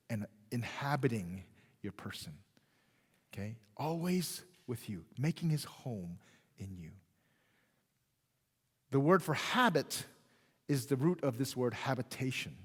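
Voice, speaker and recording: A man preaching a sermon as pastor, in a conversational style that keeps checking in with the congregation and swings between loud emphasis and quiet, drawn-out phrases. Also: medium pitch, breathy edge. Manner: conversational, checks in with "right?" and "okay?". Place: church sanctuary. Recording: long reverb of a church hall.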